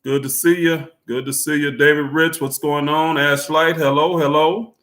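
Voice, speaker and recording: Laid-back guy hosting a livestream, kinda high voice, laughs a lot. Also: flat delivery, normal speed, fairly bright tone. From United States. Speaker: livestream host greeting viewers. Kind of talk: casual live-stream chat.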